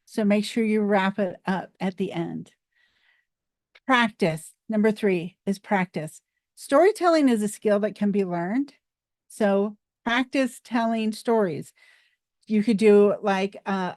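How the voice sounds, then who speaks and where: A woman coaching public speaking, talking to camera in a playful, animated way and laughing at herself now and then. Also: medium pitch, dry recording, studio quality. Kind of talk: instructional talk to camera.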